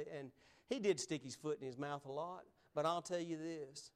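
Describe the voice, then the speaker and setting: Animated, higher-voiced preacher. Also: male voice. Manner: animated, emphatic, acts out scripture voices. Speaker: pastor. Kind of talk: sermon.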